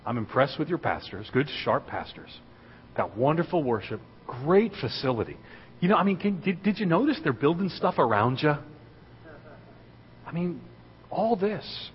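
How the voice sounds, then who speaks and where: A man giving a sermon as a guest speaker in a church, telling a story and building to loud, excited preaching. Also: a little high, normal speed, slight background noise. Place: church sanctuary. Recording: dull recording in a reverberant hall.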